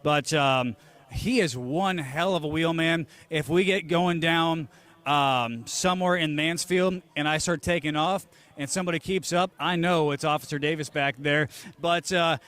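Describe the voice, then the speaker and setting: A man's voice: on the high side, expressive, moderate pace, a bit bright. A man speaking as a driver after a race at an outdoor speedway, casual and hyped, with many fillers. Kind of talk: post-race interview and crowd address.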